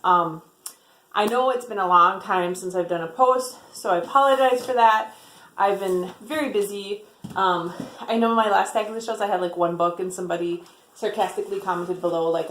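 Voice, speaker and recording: A woman's voice: medium pitch, normal speed, a bit bright, reverberant, a little hiss or hum. A woman chatting casually about her book haul, rambling, with lots of "like" and "um". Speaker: book vlogger.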